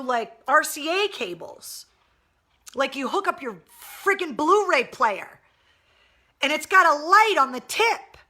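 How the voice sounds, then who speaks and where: Bright, high-voiced woman telling a story. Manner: animated, blunt and profane storyteller. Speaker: radio DJ and show host. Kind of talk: casual storytelling on a live stream.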